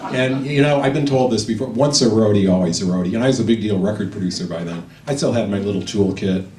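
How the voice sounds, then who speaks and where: A man's voice: fairly low pitch, darkish tone, a little hiss or hum. A man, once a roadie and later a record producer, telling a playful anecdote on stage and chuckling as he goes. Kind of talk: stage anecdote to a live audience. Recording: roomy, distant stage mic with music.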